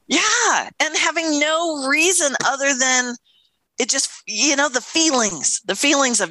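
A woman co-hosting a casual podcast, telling stories with lots of laughter and sudden excited jumps in her voice. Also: unhurried, no echo. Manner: animated storytelling, laughs often, jumps into high excited voices. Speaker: podcast co-host. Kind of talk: casual spiritual podcast chat.

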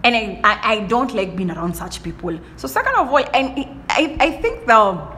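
Blunt, animated young woman ranting. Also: a little high, normal speed, a little hiss or hum. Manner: animated and blunt, many restarts and playful exclamations. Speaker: podcast host. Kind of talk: casual monologue.

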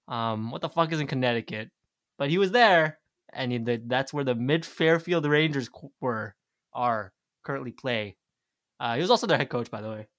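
A man's voice: medium pitch, fairly bright tone. A young man hosting a casual podcast quiz, laid-back and a bit profane. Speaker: podcast host, quizmaster.

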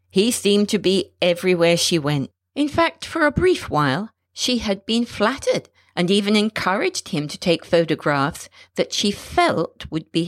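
A woman narrating a short story in a measured, expressive storytelling manner. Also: fairly low pitch, no echo, studio quality.

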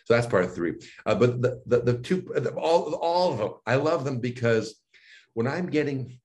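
A man, a voice and speech coach, chatting in an interview with lively, animated phrasing and frequent laughs. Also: medium pitch, moderate pace. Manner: animated, demonstrates intonation with exaggerated phrasing; laughs often, restarts sentences. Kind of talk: casual interview talk.

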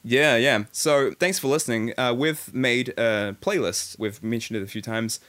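A man's voice: medium pitch, normal speed, fairly bright tone. A man with a New Zealand accent co-hosting a podcast, chatting casually and gushing with enthusiasm. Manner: enthusiastic, effusive. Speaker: podcast co-host. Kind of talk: casual chat.

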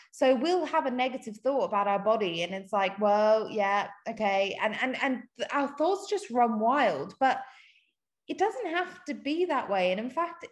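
A woman talking in an earnest, encouraging way in a casual conversation, often repeating words as she talks. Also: on the high side. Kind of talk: casual conversation on self-compassion.

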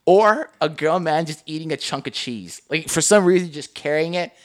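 This podcast co-host has a slightly high voice and a moderate pace. He keeps the conversation casual, telling lively stories and frequently laughing and cursing.

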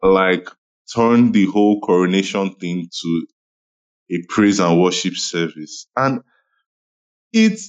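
A man's voice: sits low, sing-song, takes it slowly, long pauses, lo-fi sound. A man from Nigeria speaking passionately in a casual online audio-room chat, often repeating himself and apologizing. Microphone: phone in an online audio room.

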